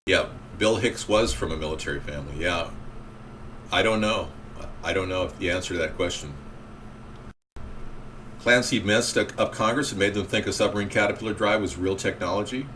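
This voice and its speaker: A man's voice: sits low, moderate pace, pauses often, fairly bright tone, a little hiss or hum. A man hosting a casual call-in talk show, rambling and reacting to callers and chat.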